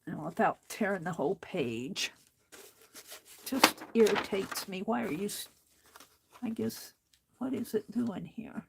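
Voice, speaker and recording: Woman crafter, slow unhurried talk, mutters to herself while stitching, faint clicks behind. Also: medium pitch, animated, vocal fry, fairly bright tone, a little hiss or hum. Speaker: art journaling host. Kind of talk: casual crafting demonstration.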